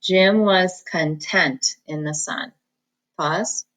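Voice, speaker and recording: Woman, teacher, online phonics lesson, low-pitched voice, sounding out syllables. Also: fairly bright tone, rough recording. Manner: slow, deliberate dictation, sounding out syllables. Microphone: recorded at a computer for students at home.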